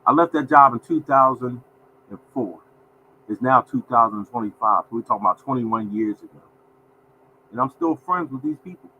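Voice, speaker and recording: A man's voice: mid-range voice, normal speed, narrow, tinny audio, slight background noise. A man in his fifties hosting a casual livestream, folksy and repetitive, often calling out to viewers as y'all. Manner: folksy, repeats phrases, addresses viewers as y'all. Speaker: livestream host.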